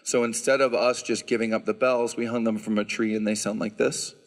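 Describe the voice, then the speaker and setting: Speaking fairly quickly at medium pitch, a man leading a handbell choir answers questions from the concert audience, explaining the bells in an easygoing way full of "um" fillers. The recording carries the echo of a church sanctuary.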